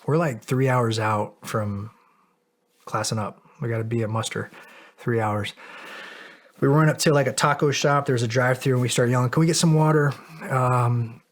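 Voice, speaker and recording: Middle-aged male guest, casual storyteller, mid-pitched voice, cursing and laughing at himself. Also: normal speed. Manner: animated, profane, laughs at himself. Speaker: podcast guest.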